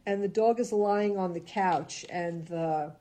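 A woman co-hosting a radio show in a studio, chatting casually and reading jokes in an animated, laughing way. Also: on the low side, unhurried.

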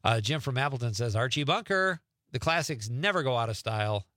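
A man's voice: mid-range voice, animated, a little fast, pushed and bright, no room sound, clean studio sound. A middle-aged man, hosting a radio talk show and chatting casually as he reads listener texts aloud. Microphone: studio microphone.

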